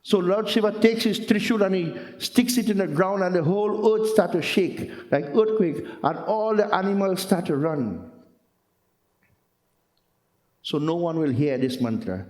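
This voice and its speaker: Male storyteller-preacher, earnest, fairly high voice, reverberant hall. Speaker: religious storyteller. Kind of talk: storytelling sermon. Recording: roomy hall with long echo.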